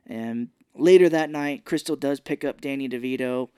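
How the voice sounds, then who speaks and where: A man's voice: mid-range voice, normal speed, mellow, smooth, no echo, studio quality. A man co-hosting a podcast, casually recapping a film's scenes and acting out the characters' lines. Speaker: podcast co-host. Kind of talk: casual movie recap chat.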